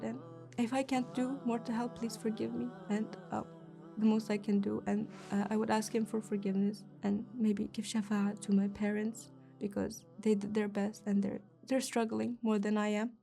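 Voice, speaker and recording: A young woman from East Turkestan, speaking softly and hesitantly as an interview guest, with frequent fillers. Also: medium pitch, little pitch movement, normal speed, creaky, over music. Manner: soft-spoken, hesitant with fillers. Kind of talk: personal interview.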